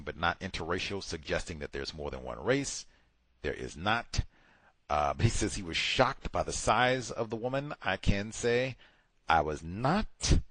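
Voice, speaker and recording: A man hosting a book club, talking through a memoir in a casual, digressive way with loud mocking asides. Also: deep voice, no room sound.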